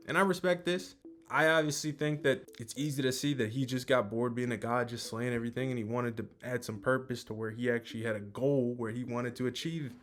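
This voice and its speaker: A man's voice: mid-range voice, fairly even intonation, brisk, a bit bright, a little hiss or hum. A man casually recapping a manga chapter as host, with lots of fillers and some swearing.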